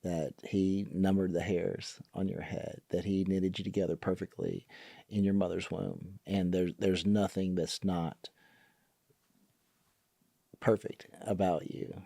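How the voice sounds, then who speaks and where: Give me a low, warm man speaking gently as a podcast guest. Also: flat delivery, measured pace, gravelly, no room sound. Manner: gentle, reassuring, faith-based encouragement. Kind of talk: casual chat.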